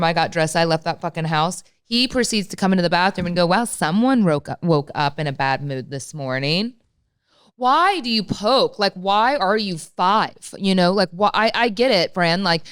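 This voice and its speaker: A woman's voice: lowish voice, clean tone, no room sound, clean studio sound. A woman co-hosting a podcast, telling stories in a candid, exasperated way and swearing often. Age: late 30s. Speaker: podcast co-host. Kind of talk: casual podcast chat.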